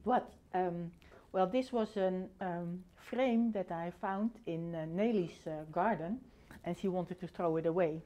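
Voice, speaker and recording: A middle-aged woman casually presenting her flower arrangement in a classroom, in a relaxed, hesitant way with many pauses. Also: on the low side. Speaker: floristry student and shop owner. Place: floristry classroom.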